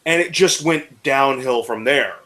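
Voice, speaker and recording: Man, bright forceful voice, american, rambling casual chat with swearing. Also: mid-range voice, measured pace. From United States. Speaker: podcast co-host.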